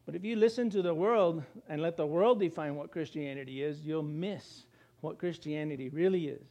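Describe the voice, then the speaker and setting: A middle-aged man preaching a sermon in church, animated and laughing, now and then mimicking gloomy complainers. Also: a little high, normal speed, muffled recording. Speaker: pastor.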